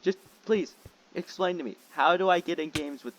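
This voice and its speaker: A young man giving casual gameplay commentary as a channel host, jokey and excitable, shouting when frustrated. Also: on the high side, fairly quick, vocal fry. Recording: loud background noise.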